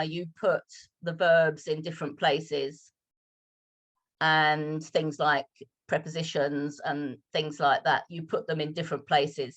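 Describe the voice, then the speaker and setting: A British woman English teacher from London, speaking with a polished RP accent in measured, slowed speech on a video call. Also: deep voice, fairly bright tone. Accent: British RP, London roots. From London, England. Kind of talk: online Q&A talk.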